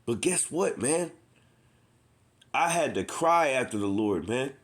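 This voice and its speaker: Slow but animated, a man with a mid-range voice preaches on the street with passion and no formality. He says "man" frequently, repeats his points, and reads scripture out loud between his own words.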